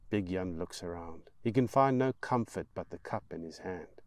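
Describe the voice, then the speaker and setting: A man reading his own novel aloud in slow, measured storytelling. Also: deep voice, expressive, a little mellow, dry recording. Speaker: author and narrator.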